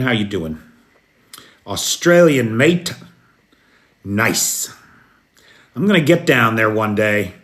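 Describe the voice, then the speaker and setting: An American man hosting a casual live news stream at night, greeting viewers by name in an unhurried way. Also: medium pitch. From United States. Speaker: news host. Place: apartment in a city at night.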